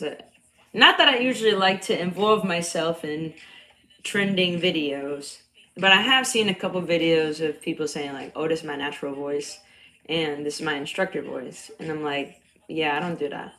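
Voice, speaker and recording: Woman, young adult, slight Bronx accent, loud, a bit nasal, lowish voice, blunt, swears, laughs often, casual livestream chat. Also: moderate pace, low-quality recording. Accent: slight Bronx New York. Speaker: cycle coach.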